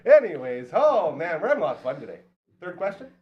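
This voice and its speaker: Animated storytelling man. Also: on the high side, fast, muffled recording. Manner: animated storyteller, acts out quotes. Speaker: podcast host. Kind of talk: casual chat.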